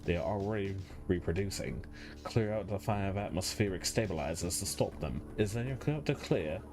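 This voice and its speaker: A man's voice: deep voice, moderate pace, music in the background. A man voicing a stern male ship computer with a put-on British accent, giving formal, clipped orders.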